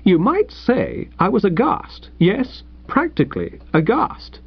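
Lively man narrating a comic story. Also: high-pitched, takes it slowly, hardly any pauses, husky, no room sound, highs cut off. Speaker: audiobook narrator. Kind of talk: first-person story reading.

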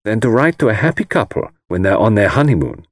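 A man's voice: on the low side, very animated, quick pace, dry recording, studio quality. A man putting on a breezy, self-assured young woman. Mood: breezy, confident. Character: confident cheerful young woman, secretary.

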